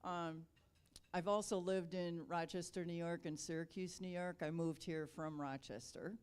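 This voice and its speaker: A woman's voice: lowish voice, steady tone, normal speed, a little mellow, clear, resonant tone. A middle-aged woman from Wisconsin giving a chatty, casual speech to a club, with lots of ums and light self-deprecating humor. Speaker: Rotary district governor.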